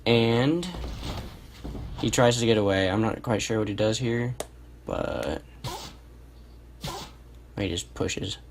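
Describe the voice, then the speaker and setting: A man's voice: fairly low pitch, slow, long pauses, slight background noise. A young man casually commentating a replay of his own match, thinking aloud and correcting himself as he goes. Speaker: gameplay commentator. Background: music.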